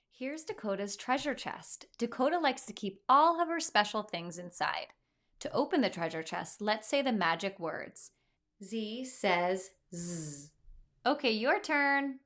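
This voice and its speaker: A woman teaching a phonics lesson to young children, modelling letter sounds in a clear, encouraging way. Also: on the high side, fairly bright tone. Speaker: reading teacher.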